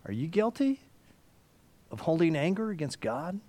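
Preacher guy going soft whisper to big loud, lively high voice. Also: normal speed, long pauses, no echo. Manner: dramatic, swings from whispers to near shouts. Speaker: pastor. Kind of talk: sermon.

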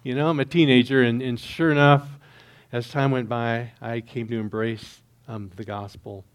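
A middle-aged man preaching a sermon, telling a personal story and swinging between hushed, quiet stretches and loud, excited bursts. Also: mid-range voice, moderate pace, clear, resonant tone. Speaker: pastor.

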